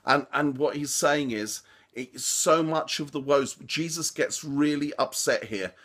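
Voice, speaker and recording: A man's voice: a little high, unhurried, a bit bright. Earnest man giving a Bible talk. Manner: earnest, informal, with restarts and fillers. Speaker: preacher. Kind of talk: short devotional Bible commentary.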